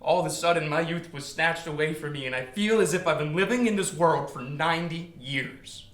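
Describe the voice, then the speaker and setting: An actor playing a despairing, lovesick young writer who pleads, swinging from hushed to shouting. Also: male voice, on the high side, brisk, natural voice. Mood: anguished. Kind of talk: stage drama scene on film. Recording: echoey room.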